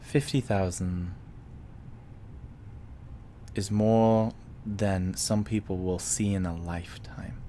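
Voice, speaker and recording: A man voicing a sly, scheming mother in a hushed, conspiratorial tone, as whispered role-play. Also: low voice, fairly even intonation, slow, long pauses, a little hiss or hum.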